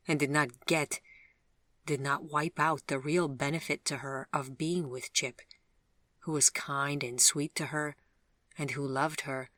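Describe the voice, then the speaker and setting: An audiobook narrator tells a gentle, romantic fairy tale in a measured, even way. The voice is bright and forward. It sounds dry and close, recorded in a studio. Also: medium pitch, no room sound. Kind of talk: scripted narration.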